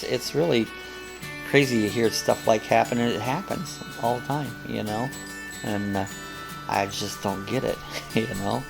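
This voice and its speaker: A man's voice: mid-range voice, vocal fry. An older man hosting a casual live chat, rambling and chuckling as he reads viewer comments aloud. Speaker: host of a live coffee chat.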